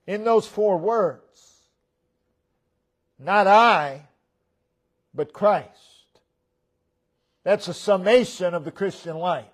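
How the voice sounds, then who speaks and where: A man preaching a sermon as pastor in a church, repeating key phrases with emphasis and letting phrase ends fall to a low murmur. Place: church sanctuary.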